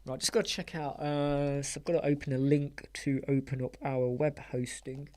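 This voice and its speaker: A man's voice: mid-range voice, flat delivery, normal speed, darkish tone. Blunt man hosting a live chat. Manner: blunt and emphatic, fond of rhetorical questions. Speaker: web design channel host. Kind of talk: live stream chat to viewers. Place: small dark soundproofed room.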